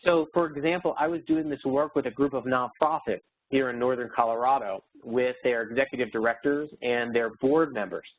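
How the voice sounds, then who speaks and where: A man's voice: medium pitch, brisk, hardly any pauses. A man in his thirties giving a motivational webinar talk, earnest and upbeat, coaching his listeners with anecdotes. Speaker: webinar speaker. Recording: phone-like narrow sound.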